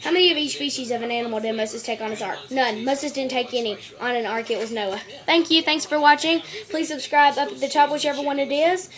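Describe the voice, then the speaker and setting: A woman reading out a string of jokes for a home video, stumbling over words, restarting and clearing her throat. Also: sits high, fairly quick, hardly any pauses, a bit bright. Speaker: joke-telling video maker.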